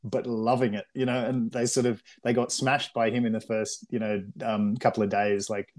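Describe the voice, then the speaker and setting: Animated Australian man telling stories. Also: mid-range voice, moderate pace. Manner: animated storyteller, acts out voices, many fillers. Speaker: film director. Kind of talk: casual interview talk.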